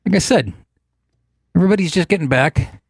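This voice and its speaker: A man hosting a talk show with a voice that sits a bit high for a man. He tells casual, profane stories in a sarcastic tone. The sound is dry and close, with no room in it. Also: lively intonation, brisk, creaky, slightly rough, no echo. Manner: takes on voices for quotes. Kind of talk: casual comedic monologue.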